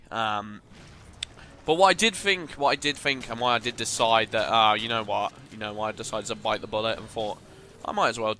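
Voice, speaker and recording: Bright-toned man giving game commentary. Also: fairly low pitch, a little hiss or hum. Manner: thoughtful, rambling, frequent fillers and self-corrections. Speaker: gaming channel host. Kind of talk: live gameplay commentary.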